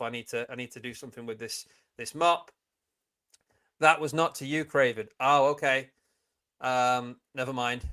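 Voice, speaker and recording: This man's mid-range voice has a slightly bright edge. Hosting a casual livestream, he chats, giggles often, and reads viewer comments aloud.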